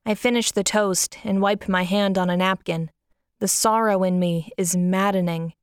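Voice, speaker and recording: Close to the microphone, with a dry sound and no echo, a woman narrates her own story in a soft, grieving tone. Her medium-pitched voice stays steady, clear and smooth at a moderate pace.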